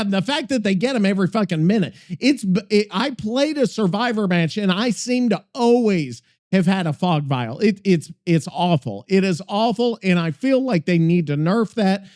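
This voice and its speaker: A podcast host delivering a swear-laden rant about a game, acting out the people he talks about. His voice is high for a man and swings widely in pitch. The delivery is casual and loose. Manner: animated swearing rant, acts out characters.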